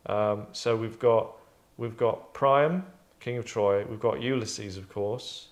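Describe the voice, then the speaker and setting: A man's voice: on the low side, measured pace, hardly any pauses. A man hosting and directing a voice session, rambling and restarting as he gives notes. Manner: rambling, restarts, acts out lines. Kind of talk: casual chat, giving direction.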